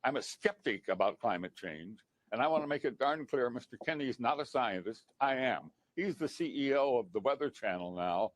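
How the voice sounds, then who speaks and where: A man's voice: medium pitch, expressive, normal speed, hardly any pauses, no room sound. An older man speaking as a guest in a TV news interview, indignant and insistent.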